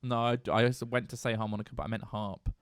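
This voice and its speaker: A man's voice: fairly low pitch, fairly even intonation, fast, clear, resonant tone, no echo, clean studio sound. A British man co-hosting a podcast, chatting casually with playful, teasing banter. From Britain. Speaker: podcast co-host. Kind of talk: casual chat.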